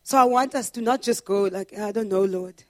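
A woman pastor preaching a sermon in an earnest way, building to loud, emphatic repetitions. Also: mid-range voice, moderate pace, no room sound, studio quality.

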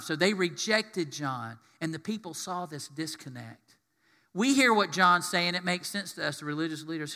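Bright-voiced man preaching a sermon. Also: fairly high pitch, moderate pace, long reverb tail. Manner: animated, acts out quotes in voices. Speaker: pastor.

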